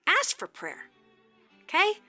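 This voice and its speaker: A middle-aged woman hosting a motivational talk show, chatty and animated, laughing often as she talks. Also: extremely high pitch, takes it slowly, faint music behind. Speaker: radio show host.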